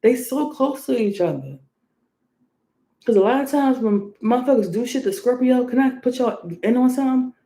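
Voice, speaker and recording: A woman's voice: a little high, animated, normal speed, mellow, echoey room. A woman tarot reader giving a blunt, profane, scolding reading from home.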